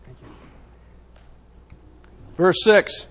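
This preacher draws out his words in a fairly bright tone. His sermon is forceful and full of repetition, and he seems to be speaking to himself as much as to the people listening.

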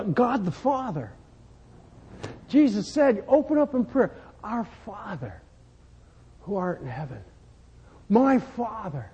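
A man's voice: high voice, mellow, slightly rough. A man preaching a sermon, telling folksy stories and repeating words as he builds to fervent emphasis. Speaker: pastor. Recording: dull sound, long hall reverb.

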